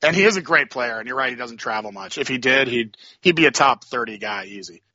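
A man's voice: mid-range voice, lively intonation, fairly quick, bright, forceful tone, dry recording, muffled recording. A man, a tournament organizer giving upbeat promotional hype in casual chat.

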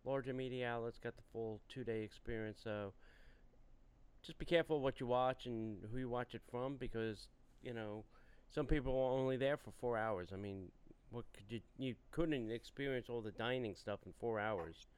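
A man's voice: medium pitch, normal speed, clean tone. A man co-hosting a podcast, laid-back and agreeable in casual chat. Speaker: podcast co-host.

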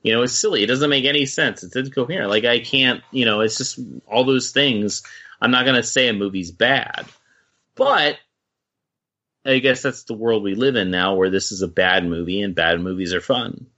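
A man's voice: medium pitch, moderate pace, bright, forceful tone, highs cut off. A man co-hosting a film podcast, chatting casually and rambling with lots of swearing. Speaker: podcast co-host.

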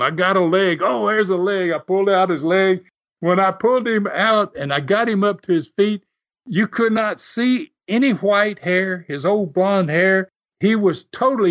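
A man telling road stories in a casual, animated way, laughing often and restarting his sentences. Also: fairly high pitch, muffled recording. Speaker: podcast host telling wrestling stories. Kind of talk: casual storytelling.

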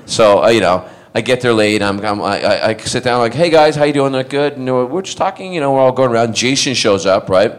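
A man's voice: mid-range voice, lively intonation, brisk, hardly any pauses. Middle-aged male actor, chatty fan Q&A storyteller, laughs a lot, rambles and restarts lines. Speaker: actor answering fan questions. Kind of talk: anecdotal convention Q&A.

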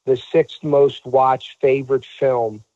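A man's voice: mid-range voice, level tone, takes it slowly, mellow, dry recording, muffled recording. A man telling a story in a casual talk show, acting out the voices of the people he quotes.

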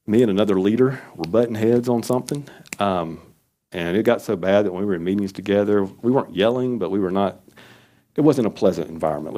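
A man preaching a sermon in an earnest, conversational way, acting out quoted prayers. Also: warm tone. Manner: earnest, acts out quoted prayers with rising pitch. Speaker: pastor.

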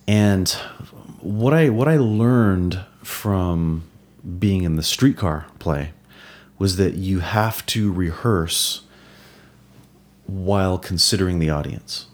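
A man hosts a podcast interview in a relaxed, conversational manner. His voice sits very low. He often checks in with the listener by asking "right?". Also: slow. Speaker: podcast host. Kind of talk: casual interview chat.

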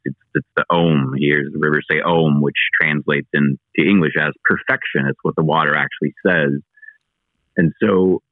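A low-voiced man in his thirties tells a long personal story, stumbling over words and swearing freely. His voice comes through a thin, phone-like remote line. The sound is dry, with no room echo. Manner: excitable, halting, swears freely. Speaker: guest.

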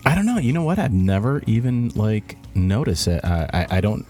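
A man from Chicago with a Chicago accent, co-hosting a podcast in a modest, halting way. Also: fairly low pitch, very animated, mellow, faint music behind. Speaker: podcast co-host. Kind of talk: casual podcast chat.

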